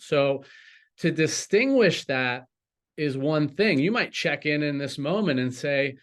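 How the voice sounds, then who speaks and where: A man speaking as a coach in a motivational talk, deliberate and encouraging, with lifts on key words. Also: medium pitch, animated, a bit bright.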